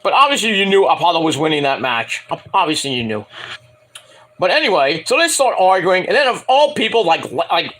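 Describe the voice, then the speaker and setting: Animated, bright-voiced man ranting. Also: sits high, brisk. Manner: profane, rambling, mocking, acts out quotes in exaggerated voices. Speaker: wrestling show reviewer. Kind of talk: casual rant-style show recap.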